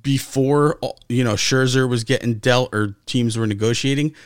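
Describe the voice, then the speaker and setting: A man's voice: medium pitch, moderate pace, clean tone, no room sound, studio quality. A man co-hosting a casual sports podcast, talking emphatically and swearing often. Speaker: podcast co-host.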